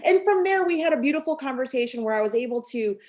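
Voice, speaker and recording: A woman's voice: sits high, animated, fast talker, a little mellow. A woman, a sales team director, telling a rambling personal story on a team call, full of fillers and restarts.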